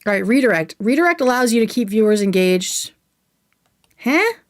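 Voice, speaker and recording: A young woman hosting a livestream, chatting casually and excitedly while reviewing makeup, swearing now and then. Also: fairly high pitch, moderate pace, dry recording, clean studio sound. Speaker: livestream host.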